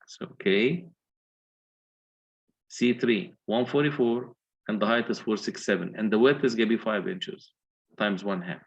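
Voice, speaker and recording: A man's voice: lowish voice, unhurried, pauses often, breathy edge, lo-fi sound. A man lecturing on engineering, working through calculations step by step and putting questions to his students. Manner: methodical, asks the class questions.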